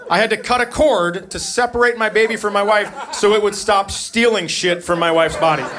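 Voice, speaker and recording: A man's voice: high-pitched, normal speed, fairly bright tone. A middle-aged man doing a brash, profane, mock-exasperated stand-up comedy set on a comedy club stage. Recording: live club recording with crowd laughter. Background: audience laughter.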